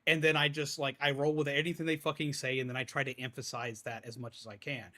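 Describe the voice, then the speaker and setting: A male streamer chatting casually on a live stream, animated and swearing freely. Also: mid-range voice, fast talker.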